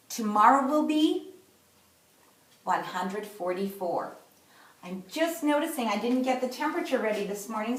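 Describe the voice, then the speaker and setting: A woman teaching a kindergarten class remotely, speaking slowly and clearly. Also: a little high, far from the mic. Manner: slow, clear, instructive delivery. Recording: echoey room, voice from off-mic.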